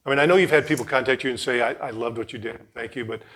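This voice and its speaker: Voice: medium pitch, very fast, fairly bright tone, a little hiss or hum. A host of a local interview show, asking a guest about her career in a casual conversation.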